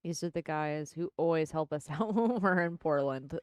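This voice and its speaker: A woman with a fairly low voice co-hosts a casual livestream. She talks briskly and keeps pushing the others to get on with it. Her voice sounds dry and close. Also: darkish tone, clear, resonant tone, no room sound. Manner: brisk, hurries the others along. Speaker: co-host.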